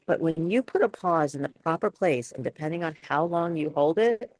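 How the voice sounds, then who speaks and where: A female speech coach runs a live webinar Q&A over a video call, speaking in halting phrases full of fillers and restarts. Her voice sits low, animated and a little mellow, with no room sound.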